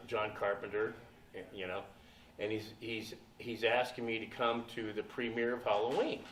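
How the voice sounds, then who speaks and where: An older man telling stories on a convention panel, profane and animated, often laughing as he talks. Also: a little high, a little hiss or hum. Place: convention hall. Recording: echoey hall, from far off.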